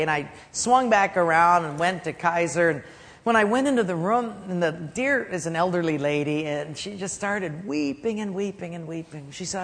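A man in his fifties preaching a storytelling sermon, dropping to a soft hush for key points. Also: high-pitched, expressive, brisk. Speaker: pastor. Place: church sanctuary. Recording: long hall reverb.

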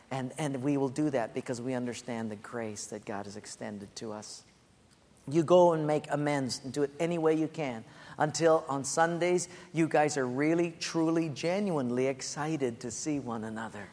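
A man preaching a sermon as pastor, earnest and repetitive, dropping soft and low on his key points. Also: moderate pace. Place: church sanctuary. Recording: echoey hall.

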